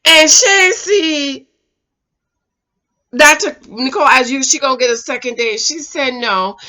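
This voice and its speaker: A woman's voice: high-pitched, measured pace, pushed and bright. A woman reviewing a TV show in casual recap commentary, emphatic and sassy. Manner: emphatic, sassy, quotes people dramatically.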